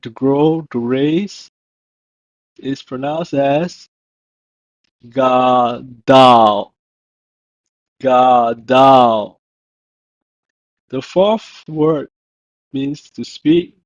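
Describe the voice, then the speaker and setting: In a dull, lo-fi voice-over with no room sound, a man with a medium-pitched, mellow voice narrates a slow scripted language lesson. As the teacher, he says every word and then repeats it with emphasis.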